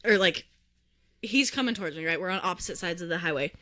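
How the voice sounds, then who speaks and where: Animated, bright-voiced young woman telling a story. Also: lowish voice, fast talker, no echo. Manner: animated, swears freely, acts out voices in her story. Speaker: podcast co-host. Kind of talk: casual storytelling chat. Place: podcast recording room. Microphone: close to the mic.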